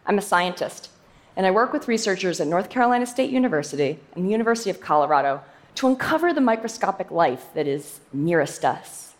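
A young woman scientist speaks fast through a prepared talk, her voice fairly low. She stresses points with lively emphasis and drops in playful asides.

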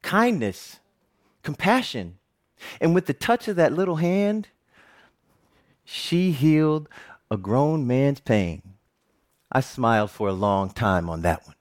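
A man's voice: mid-range voice, sing-song, slow, long pauses. A middle-aged man giving a personal storytelling speech, humorous and self-mocking. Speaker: TV reporter giving a talk.

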